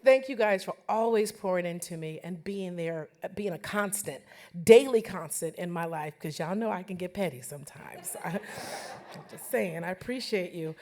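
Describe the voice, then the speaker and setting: A woman's voice: medium pitch, animated, moderate pace. A woman in her forties giving an emotional, laughing acceptance speech to a banquet audience. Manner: warm, laughing, tearful toward the end. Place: banquet hall with live audience.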